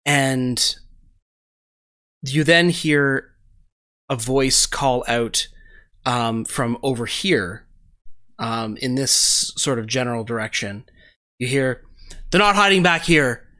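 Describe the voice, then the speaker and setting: A man running a tabletop game as game master, describing scenes in a measured way with frequent fillers. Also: mid-range voice, fairly even intonation, bright, forceful tone.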